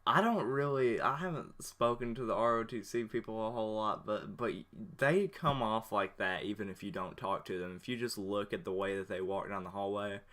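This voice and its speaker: A man's voice: fairly low pitch, brisk, few pauses, a bit bright. A man hosting a casual podcast chat, laid-back with dry remarks. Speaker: podcast host.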